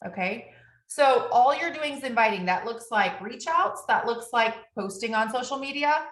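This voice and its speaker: Energetic woman team coach, fairly high voice, keeps asking "right?", roomy echo. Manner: upbeat, energetic, ends points with tag questions. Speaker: business team trainer.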